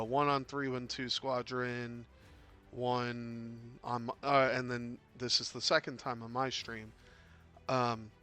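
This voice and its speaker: A tired man with a mid-range voice commentates a tabletop game on his stream, rambling along in a relaxed way with lots of fillers.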